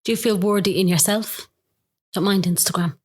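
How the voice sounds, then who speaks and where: A woman hosting a podcast, asking gentle, probing questions in a casual chat. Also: mid-range voice, fairly even intonation, moderate pace, slightly rough. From Ireland. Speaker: podcast host.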